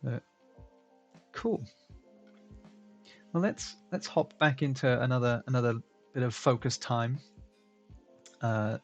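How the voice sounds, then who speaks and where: A man hosting a drawing stream, chatting casually and joking. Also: mid-range voice. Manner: chatty, joking, laughs often. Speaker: stream host.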